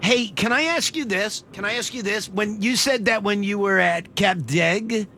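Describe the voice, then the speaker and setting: Bright, high-voiced man hosting morning radio. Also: slight background noise. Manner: playful, joking, quick questions. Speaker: radio host.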